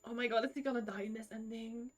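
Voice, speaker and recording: A woman's voice: a little high, steady tone, fast talker, faint music behind. A young woman streaming a game live, emotional and giggly, reading the story text aloud. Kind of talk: live gameplay commentary.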